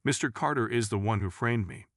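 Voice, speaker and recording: A man voicing a calm, confident teenage boy on trial, with a steady, even delivery. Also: lowish voice, brisk, no echo, clean studio sound.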